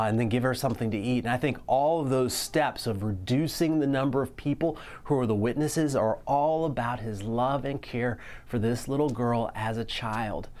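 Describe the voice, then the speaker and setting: A man preaching a sermon in an earnest way, slowing down to stress key lines. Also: mid-range voice. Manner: earnest preaching, slows down for emphasis. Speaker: pastor.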